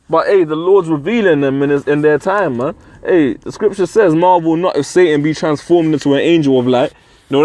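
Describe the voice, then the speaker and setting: A man delivers a swearing, ranting religious commentary, keeps dropping "man" into his sentences and laughs mid-sentence. His voice sits fairly high for a man. The sound is dry and close. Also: a little mellow, no room sound. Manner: profane, repeats "man" constantly. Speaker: online preacher.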